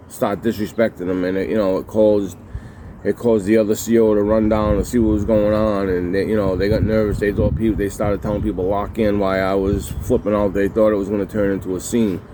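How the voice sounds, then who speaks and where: Recounting his time in prison, this man speaks to camera in a fairly low, mellow voice with slight background noise. The casual storytelling turns heated and profane as he repeats himself and acts out others' words.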